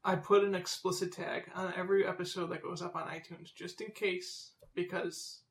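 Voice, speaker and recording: High, gravelly-voiced male co-host. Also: level tone, moderate pace, reverberant. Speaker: podcast co-host. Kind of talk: casual podcast chat.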